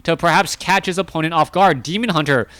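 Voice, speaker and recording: On the high side and a little fast, this esports caster's voice comes through with no echo. He narrates a strategy game solo, chatting away, self-correcting, and ramping up his excitement when things get big.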